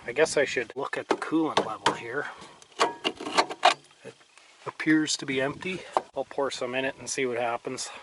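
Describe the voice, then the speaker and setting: A man's voice: medium pitch, normal speed, pauses often, heavy background noise. A man casually talking through a repair on an old car as he works, chatty and self-deprecating. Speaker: vlogger working on an old car. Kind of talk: casual narration while working.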